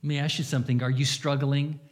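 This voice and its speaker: A man preaching a sermon, sharing his own testimony earnestly, rising to loud emphasis and dropping to hushed, quiet passages. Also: mid-range voice, flat delivery, fast talker. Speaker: pastor.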